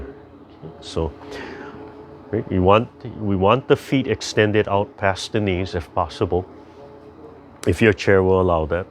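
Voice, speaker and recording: An older man leading a tai chi class over a video call, chatty and gentle as he rambles through stories and calm instructions. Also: on the low side, slight background noise.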